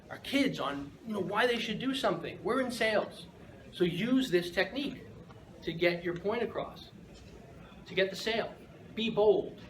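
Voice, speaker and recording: A man giving a humorous storytelling speech at a speaking club, keeps checking in with "right?" and chuckles often. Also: sits high. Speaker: Toastmasters speaker. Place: room with an audience. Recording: echoey room from far off, noisy.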